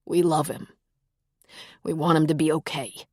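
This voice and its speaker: A woman voicing a grieving young husband who stays gentle and protective, speaking in a soft, lowered, steady voice. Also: measured pace, dry recording, clean studio sound.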